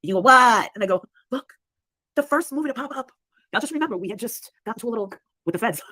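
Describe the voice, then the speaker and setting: A woman's voice: fairly high pitch, lively intonation, very fast, breathy edge, no echo. A woman hosting a casual livestream chat, blunt and swearing freely, often laughing. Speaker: livestream host.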